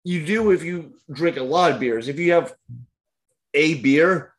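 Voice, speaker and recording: A man, a tattoo artist guest on a podcast, telling an animated story in casual chat with lots of fillers. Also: a little high, a little slow.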